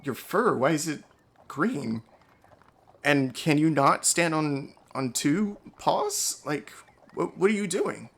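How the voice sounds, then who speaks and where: A man voicing a calm, devout female lioness who questions a stranger and earnestly asks for help. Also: fairly high pitch, slow, gravelly, slightly rough, voice pushed up, exaggerated voice. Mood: puzzled.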